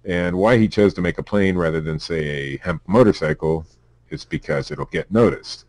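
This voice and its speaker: Deep pennsylvania guy reading stories off the page on a podcast, stumbles and jokes, dry close mic. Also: moderate pace, a little mellow, dry recording. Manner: reads aloud with stumbles, laughs and asides. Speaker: podcast co-host reading news. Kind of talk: casual news chat.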